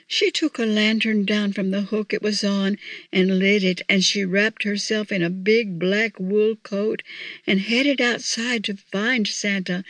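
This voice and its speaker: Slow-reading woman storyteller. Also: mid-range voice, fairly bright tone, no room sound. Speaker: audiobook narrator. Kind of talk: children's story narration.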